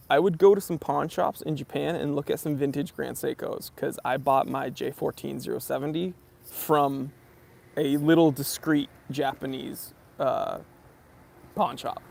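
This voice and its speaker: A man's voice: fairly high pitch, steady tone, a little slow, vocal fry, a little mellow, a little hiss or hum. A young American man hosting a watch channel livestream, casually chatting and answering viewer comments in a laid-back, bro-ish way. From United States.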